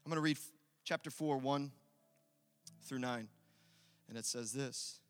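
A man preaching an impassioned sermon as pastor in a church, loud and rousing, leading his congregation in call-and-response. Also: mid-range voice, a little slow, big-room sound. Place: church sanctuary.

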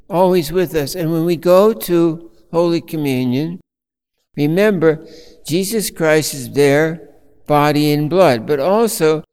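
A man preaching a sermon as a priest, telling a story slowly with fillers and restarts. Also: a little high, darkish tone, clear, resonant tone, in a large hall.

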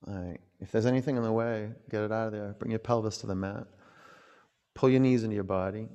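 A man teaching a yoga class, calling out poses and chatting in a relaxed, rambling way between cues. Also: on the low side, quick pace, in a large hall, highs cut off.

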